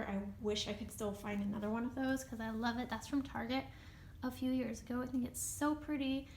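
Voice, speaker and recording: A woman's voice: on the high side, echoey room, a little hiss or hum. A young woman vlogger chatting through a home tour, gushing over her decor with lots of fillers. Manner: bubbly and gushing, with frequent "so cute" and fillers. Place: at home, walking through living room.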